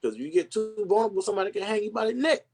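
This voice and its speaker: A man's voice: high-pitched, animated, racing. Man, candid and earnest, casual podcast chat, slangy and rambling. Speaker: podcast guest. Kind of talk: casual conversation.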